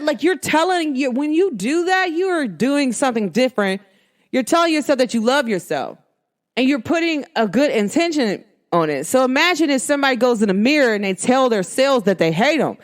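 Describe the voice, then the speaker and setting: A woman's voice: sits high, brisk. Emphatic New Jersey–New York woman. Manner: animated, emphatic, slangy. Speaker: podcast host. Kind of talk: casual solo podcast monologue.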